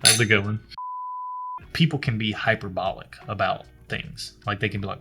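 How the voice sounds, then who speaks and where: A man's voice: on the low side, steady tone, moderate pace, sharp tone, soft background music. A man co-hosting a whiskey review show, chatting casually and joking with his co-host. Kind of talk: casual chat.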